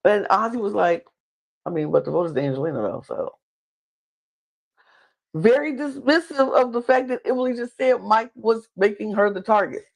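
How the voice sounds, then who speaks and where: An animated woman chatting through a reality show recap, with a gravelly vocal fry at mid pitch. She laughs often and acts out other people's lines with sudden leaps in pitch. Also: moderate pace, pauses often. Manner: laughs often while talking. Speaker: podcast guest.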